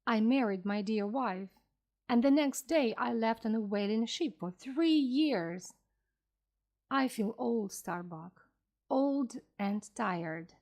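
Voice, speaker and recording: A woman voicing an old, bitter male sea captain who is obsessed with a whale, in a slowly read storybook for learners. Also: on the high side, animated. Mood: weary. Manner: weary and brooding, bursting into loud commands.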